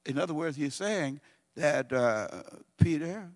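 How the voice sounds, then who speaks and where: A man preaching a sermon, swinging between loud bursts and hushed, slowed-down quotations. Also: medium pitch, expressive, long reverb tail. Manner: preaching with dramatic swings of volume and pace, drawn-out quotes.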